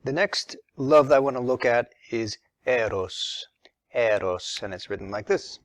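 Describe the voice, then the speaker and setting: A man's voice: medium pitch, normal speed, no room sound. A man teaching a religion lesson in a patient, methodical way, stressing key words as he explains.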